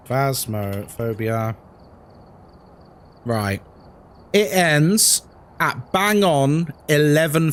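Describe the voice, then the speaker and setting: A man with a London accent chats casually while streaming a game, answering his viewers' comments as he goes. His voice sits a little high. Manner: chatty, answers chat comments. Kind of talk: live-stream chat while gaming.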